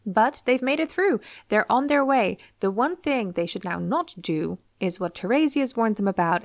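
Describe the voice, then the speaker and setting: A woman hosting a podcast, retelling a classic story in a casual, lively way and slipping into playful voices for the characters. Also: fairly high pitch, measured pace, vocal fry, no echo, clean studio sound. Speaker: podcast host.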